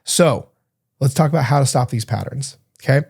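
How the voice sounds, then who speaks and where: Male podcast coach in his thirties, mellow tone, energetic and talkative, loose casual delivery. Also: mid-range voice, moderate pace, gravelly, husky. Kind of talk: solo podcast talk.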